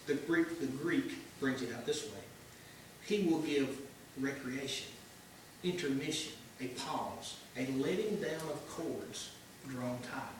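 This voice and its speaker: A man teaching a church class in an informal, earnest sermon style, swinging between hushed and emphatic. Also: medium pitch, unhurried. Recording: echoey room from far off with noise.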